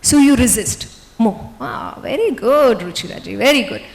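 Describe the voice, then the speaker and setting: A woman giving an energetic motivational stage talk, coaxing volunteers and the audience. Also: on the high side, moderate pace, creaky, big-room sound, rough recording. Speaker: motivational speaker.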